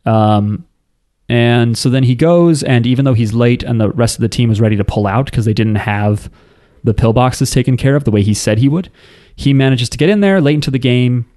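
A man's voice: medium pitch, brisk, dark tone, no echo, clean studio sound. A man co-hosting a casual podcast, recapping an anime with crude jokes and acted-out quotes. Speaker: podcast co-host.

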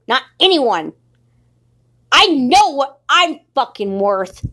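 Furious swearing woman, high lively voice. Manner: furious, defiant, swearing constantly. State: sleep-deprived. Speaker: podcaster. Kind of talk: angry profane monologue.

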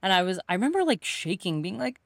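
In this casual conversational podcast, a young female host and coach tells lively stories and imitates the voices of the people she quotes. She talks fast in a gravelly, mid-range voice, recorded in a clean studio with no echo.

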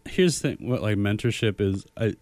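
A man co-hosting a casual radio show, telling stories in an animated, joking way. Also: fairly low pitch, normal speed. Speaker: radio co-host.

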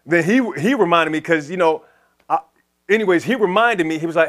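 This sermon comes from a pastor with a high voice who swings from stretched, unhurried phrases to rapid side comments. Speaking to his church, he lively plays both parts of conversations with the Lord.

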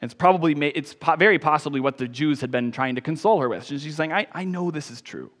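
A man preaching a sermon as pastor, emphatic, rising on key phrases and then dropping soft. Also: a little high, fast talker, big-room sound.

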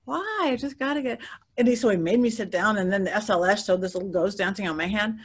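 A middle-aged woman, a guest psychic, telling stories in an interview in a lively way, laughing often and acting out the voices of others. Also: medium pitch, quick pace, husky. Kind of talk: animated storytelling interview.

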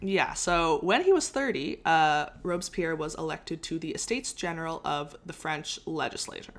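A woman's voice: low-pitched, normal speed. A young woman in casual conversation, telling a history story with frequent laughs and restarts. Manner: chatty, laughs often, trails off and restarts. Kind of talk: casual chat.

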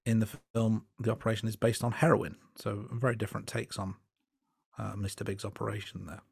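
A man co-hosts a casual film review podcast, his voice a little low and sitting dry and close to the mic. He muses in a thoughtful, unhurried way, stopping often on small fillers. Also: creaky, breathy edge, no room sound. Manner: relaxed, thoughtful, hesitant with fillers. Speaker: podcast co-host.

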